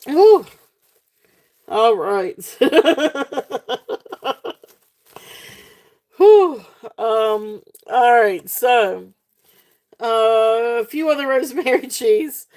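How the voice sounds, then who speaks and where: A woman's voice: a little high, takes it slowly. A woman hosting a live jewelry sale stream, giggly and gushing at her viewers, rambling with lots of fillers. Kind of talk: casual live-stream selling chat.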